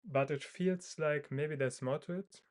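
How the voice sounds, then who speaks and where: A man's voice: fairly high pitch, measured pace. Hesitant man thinking aloud. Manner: hesitant, many fillers and restarts. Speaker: video creator. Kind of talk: thinking aloud, casual monologue.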